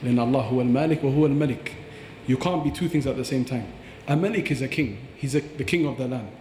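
A man's voice: medium pitch, fast, dark tone, roomy sound, long reverb tail, a little hiss or hum. A man teaching about Quran recitation on a podcast, earnest and explanatory, demonstrating pronunciations aloud.

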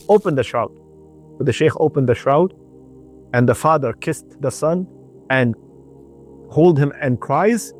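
A man telling a religious story on the radio, often repeating his phrases and using Arabic religious terms. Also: mid-range voice. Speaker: storyteller on a community radio station.

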